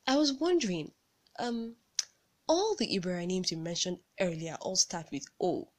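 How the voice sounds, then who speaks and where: A man's voice: sits high, very animated, moderate pace. A woman voicing a good-natured young man at a job interview who asks innocent questions. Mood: curious, friendly.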